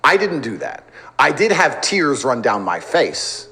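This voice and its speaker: A man's voice: medium pitch, very animated, a little slow, pushed and bright. A man in his thirties speaking as a podcast guest, brash and emphatic, boasting and laughing often in casual interview talk.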